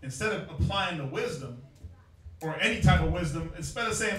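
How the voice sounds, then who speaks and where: A street preacher fires questions at a crowd in a call-and-response Bible teaching, his voice a little high, brisk, fairly bright, and lively in intonation. He is recorded far from the mic in an echoey space.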